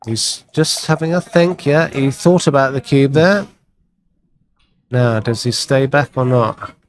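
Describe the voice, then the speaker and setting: A man's voice: mid-range voice, unhurried. A man commentating live on a backgammon match in a chatty, wry way, with playful asides.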